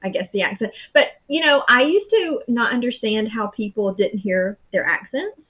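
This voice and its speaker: A woman's voice: fairly high pitch, expressive, moderate pace, breathy edge. A woman from the Southern United States with a Southern accent, chatting casually as a podcast guest. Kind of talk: casual interview chat. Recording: phone-like call audio.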